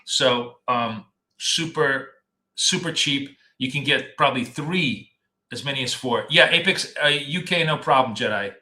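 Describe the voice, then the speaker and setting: A man's voice: mid-range voice, measured pace, bright, forceful tone. A man hosting a live trading stream, chatting casually and rambling as he talks straight to his viewers. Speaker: trading coach and stream host. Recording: echoey room.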